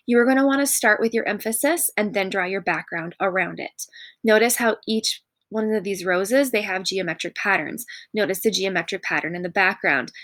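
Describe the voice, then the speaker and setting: A woman's mid-range voice, free of any room sound, guides a recorded art lesson. As an encouraging teacher, she goes through student work piece by piece, using "notice" again and again to highlight details.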